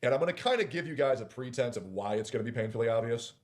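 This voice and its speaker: A man speaking to his stream audience, nervous and emotional, stopping often and filling gaps with ums. His pitch sits in an ordinary male middle range. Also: lively intonation, a little mellow. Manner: hesitant, emotional, many pauses and fillers. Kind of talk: personal announcement on stream.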